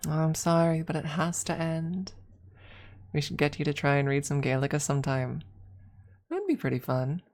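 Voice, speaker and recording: A woman streamer in a soft-spoken ASMR style, chatting gently with her viewers, giggling and slipping into whispers, calling them her lovelies. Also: low voice, lively intonation, normal speed. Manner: affectionate, calls chat her lovelies.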